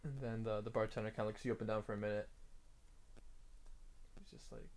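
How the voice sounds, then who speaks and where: A man's voice: lowish voice, fairly even intonation, brisk, a little mellow. A man narrating as game master in a tabletop game, talking casually with lots of fillers. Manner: casual, filler-heavy, laughs often.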